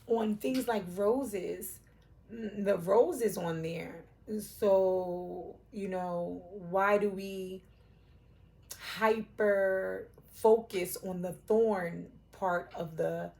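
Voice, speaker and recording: Slow, rambling middle-aged woman tarot reader. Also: mid-range voice, vocal fry, a little mellow. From Puerto Rican, raised in Brooklyn and Philadelphia. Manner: rambling and searching, many fillers and restarts, casual cussing. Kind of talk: intuitive tarot reading to camera.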